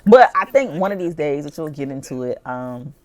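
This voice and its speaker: A woman's voice: deep voice, expressive, moderate pace. A woman chatting animatedly as she narrates life-sim gameplay, often saying "like". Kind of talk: casual storytelling over life-sim gameplay.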